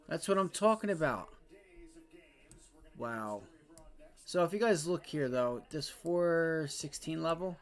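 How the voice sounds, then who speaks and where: A man's voice: a little high, lively intonation, slow, pauses often. A man hosting a live day-trading stream, talking viewers through charts with profane, exasperated rants and repeated phrases. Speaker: day-trading livestream host.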